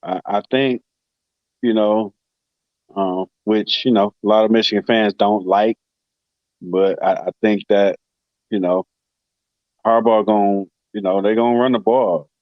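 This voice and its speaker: A man co-hosting a sports talk show in casual chat, relaxed and hesitant with many fillers. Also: on the low side, unhurried, pauses often, no room sound, dull audio.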